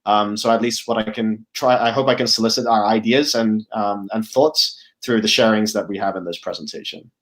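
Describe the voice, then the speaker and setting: A man's voice: fairly low pitch, steady tone, brisk, few pauses. Man presenting, hesitant with frequent fillers. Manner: thinking aloud, many fillers and restarts, tag "right?". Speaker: guest speaker, product officer. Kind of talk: conference presentation.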